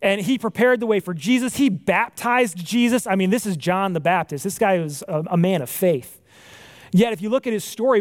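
Chatty preacher, dry close sound. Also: male voice, sits high, no echo. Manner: conversational, frequent "right?" and "like", self-correcting restarts. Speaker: pastor. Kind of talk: casual sermon.

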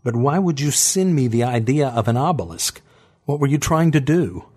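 A defiant, impatient woman artist, put on by a man fires off sharp, disbelieving questions in a much higher, husky voice. The performance stays brisk and edgy throughout this audiobook scene. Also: expressive.

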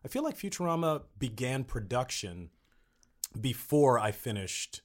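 A man's voice: mid-range voice, a little slow. A middle-aged man, a voice actor, chatting casually and acting out the people he quotes as he tells stories. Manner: animated storyteller, acts out quoted people. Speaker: voice actor guest. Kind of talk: casual podcast conversation.

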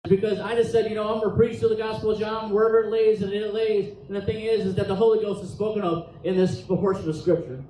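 Male pastor, high voice, passionate sermon, recorded from a distance in an echoey church hall. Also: fairly even intonation, fast talker, few pauses, mellow, a little hiss or hum. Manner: impassioned preaching, reads scripture aloud with emphasis. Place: church sanctuary.

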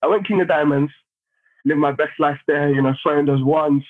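A man's voice: fairly high pitch, normal speed. Man telling stories, phone-like sound. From London, England. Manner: animated, acts out other people's lines while telling stories. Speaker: podcast guest. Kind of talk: casual storytelling chat.

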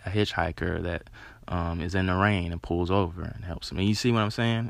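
A man with a very low, gravelly voice delivers a rambling motivational talk, earnest and casual, leaning on "you know" and swearing freely. The sound is close and dry.

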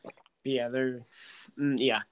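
A man chats about baseball in a loose, rambling way, full of fillers, and gets easily excited. His voice sits at an ordinary middle pitch. He sounds unscripted and relaxed in a casual talk. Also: slow pace. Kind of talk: casual sports chat while playing a video game.

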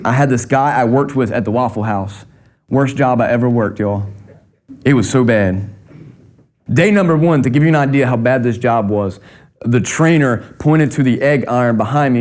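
A man's voice: medium pitch, darkish tone. Storytelling Southern preacher man. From North Carolina. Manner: conversational storytelling, humorous. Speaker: pastor. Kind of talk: sermon.

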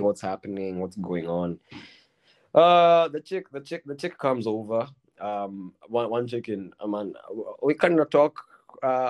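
A man's voice: mid-range voice, darkish tone. Slangy young Kenyan man telling a story. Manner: slangy, repeats "bro" and "man", many restarts. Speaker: podcast host. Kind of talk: casual storytelling chat.

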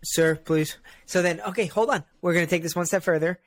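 A young man co-hosting a casual comedy podcast, riffing excitedly and building on the joke. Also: high voice, brisk, no room sound. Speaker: podcast co-host.

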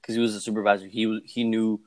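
A man's voice: lowish voice, little pitch movement, a little mellow. A young man co-hosting a podcast, telling a casual story full of swearing and acted-out quotes. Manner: fast, profane, acts out quoted voices. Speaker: podcast co-host.

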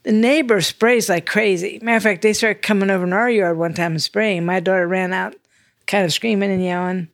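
A woman's voice: mid-range voice, steady tone, fairly quick, no echo, clean studio sound. An older woman co-hosting a podcast, chatty and self-deprecating in casual conversation. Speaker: podcast co-host. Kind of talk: casual chat.

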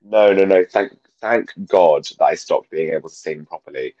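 A man's voice: deep voice, normal speed, warm tone, dry recording, highs cut off. A young man who has lost his voice, talking as a guest comedian over a video call, rambling and self-deprecating with lots of fillers. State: hoarse, losing his voice. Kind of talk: casual chat.

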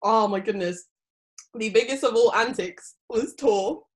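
A woman's voice: fairly high pitch, measured pace. A woman in her twenties telling a long story in casual chat, rambling with lots of "um" and "like". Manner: rambling storytelling with many fillers.

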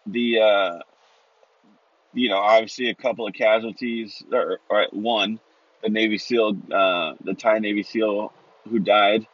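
A man rambles through a profane, casual monologue, peppering his talk with rhetorical asides. His voice sits on the low side. The recording is dry and a little dull. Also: steady tone, measured pace, no echo. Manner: rambling, heavy swearing, rhetorical "right?" asides. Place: Los Angeles area. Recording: dry, slightly dull sound.

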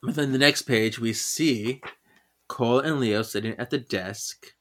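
Bright-voiced giggly male podcaster. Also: medium pitch, measured pace. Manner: giggly, acts out characters with exaggerated voices. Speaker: podcast co-host. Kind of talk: casual chat, reading comics aloud.

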